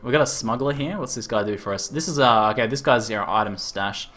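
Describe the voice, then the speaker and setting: A man's voice: mid-range voice, fairly quick, fairly bright tone. A man casually commenting on his live gameplay, laid-back and chuckling as he chats with viewers. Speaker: streamer.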